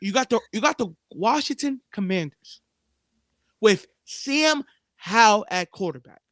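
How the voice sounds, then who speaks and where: A man's voice: high voice, animated, measured pace, a bit bright, no room sound, clean studio sound. A man co-hosting a sports betting podcast, talking emphatically and repeating himself as he makes his case to listeners. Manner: emphatic, repetitive, addresses listeners as "people". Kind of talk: casual sports betting chat.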